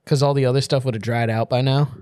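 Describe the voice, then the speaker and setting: A man co-hosting a podcast in casual chat, swearing often and quickly acting out movie characters in asides. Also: medium pitch, steady tone, a little mellow, no room sound, clean studio sound. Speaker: podcast co-host.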